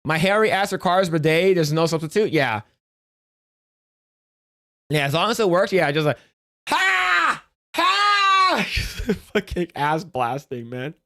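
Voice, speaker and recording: A man's voice: a little high, animated, normal speed, long pauses, fairly bright tone. A man live-streaming in casual chat, crude and profane, rambling with restarts in a jokey instructional tone.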